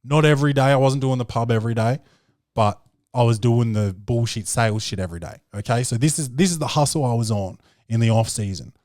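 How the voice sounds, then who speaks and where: A man's voice: medium pitch, brisk, darkish tone, no echo, clean studio sound. A man with an Australian accent hosting a podcast, telling a story in a loose, rambling way, full of fillers and swearing. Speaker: podcast host. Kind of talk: casual podcast monologue.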